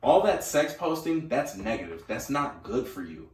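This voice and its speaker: A young man co-hosting a podcast, telling stories in an animated, profane way. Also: medium pitch, moderate pace. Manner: animated storyteller, swears freely. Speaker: podcast co-host. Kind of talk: casual chat. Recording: roomy, from far off the mic.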